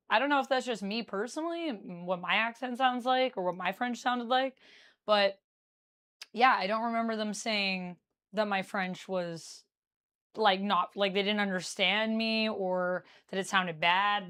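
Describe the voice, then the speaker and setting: A woman's voice: medium pitch, a little slow, a bit bright, smooth. Chatty woman streaming live. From Canada. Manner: chatty, reading chat aloud while baking. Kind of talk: casual live-stream chat.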